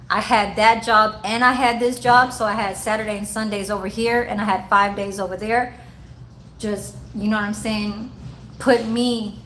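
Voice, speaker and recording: A woman's voice: mid-range voice, a bit bright, a little hiss or hum, poor audio. A woman who works in a care-home kitchen, chatting loosely and rambling, with plenty of cussing. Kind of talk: casual vlog chat.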